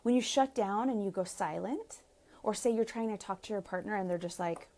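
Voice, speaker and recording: Lady relationship coach on a live stream, kinda gravelly, warm low tone, chatty and laughy. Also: fairly quick. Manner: chatty, laughs often, acts out quoted partners. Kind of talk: live-streamed advice talk.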